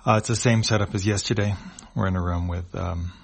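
A man's voice: sits low, steady tone, fairly quick, vocal fry. A man reading a webcomic aloud panel by panel, in a plain, matter-of-fact way with fillers. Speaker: comic reader.

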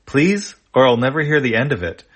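A fretful little comic sidekick with a high, rushed, put-upon voice, as a man puts it on. The delivery is quick and a bit whiny from a voice that is naturally low. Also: fairly bright tone, husky, heavily acted. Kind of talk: reading a comic aloud in voices.

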